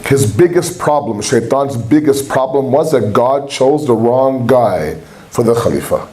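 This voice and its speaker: A man's voice: mid-range voice, darkish tone. A man giving a religious lecture in a conversational way, with rhetorical questions and humor. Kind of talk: sermon-style lecture.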